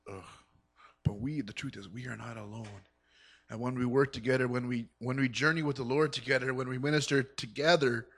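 A man giving a spoken church testimony, earnest and rambling, with many fillers and sudden bursts of excitement. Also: mid-range voice.

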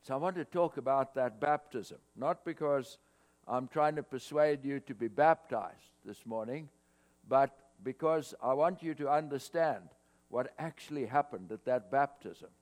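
A man preaching a sermon to his congregation, swelling louder on scripture quotes. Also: mid-range voice, measured pace. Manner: expressive preaching, rising loud on scripture quotes. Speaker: pastor. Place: church hall, cold morning. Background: mains hum.

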